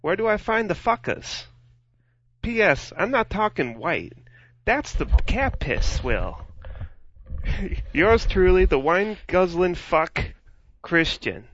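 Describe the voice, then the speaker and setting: Brash crude wine-loving guy with a Chicago-Boston accent, put on by a man, loud and higher than his own voice, drawling. Dull, dry lo-fi recording. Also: very animated, full character voice. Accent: Chicago South Side with some Boston. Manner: loud, swaggering, drawn-out delivery. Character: brash crude male wine fan writing in.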